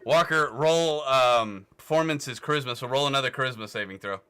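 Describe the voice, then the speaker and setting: A man's voice: mid-range voice, brisk, pushed and bright, clear, resonant tone. A young man running a tabletop game as game master, laughing often between hesitant narration.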